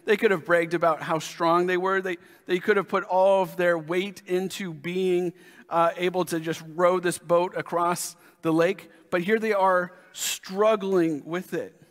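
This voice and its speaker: A pastor with a high, light voice delivers an unhurried sermon, lingering on key phrases. His words ring out with the long reverb of a church sanctuary. He speaks earnestly. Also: fairly even intonation.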